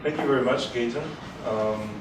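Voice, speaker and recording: A man hosting a live event, speaking to the audience in a halting way with many fillers. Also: mid-range voice. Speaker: event host. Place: event hall. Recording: very echoey hall, mic far off, noisy.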